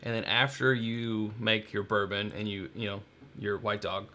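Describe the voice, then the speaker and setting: A man's voice: on the low side, fairly even intonation, moderate pace, sharp tone. A man co-hosting a live whiskey stream, talking casually in a laid-back, rambling, jokey way. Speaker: co-host.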